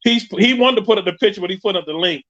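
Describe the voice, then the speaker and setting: A man with a New York accent hosting a casual live podcast, telling stories in an animated, joking way. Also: high-pitched, rapid-fire. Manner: animated storytelling with frequent laughs. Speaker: podcast host. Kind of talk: casual live-stream chat. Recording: muffled lo-fi live stream audio.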